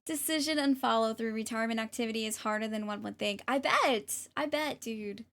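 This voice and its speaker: A high-voiced woman streamer chats casually with her audience during a tarot stream. Her tone is bright and bubbly as she reads messages aloud and thanks viewers, slipping now and then into a jokey English accent. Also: fairly quick. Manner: jokingly puts on an English accent. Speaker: livestreamer and tarot reader. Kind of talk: casual livestream chat.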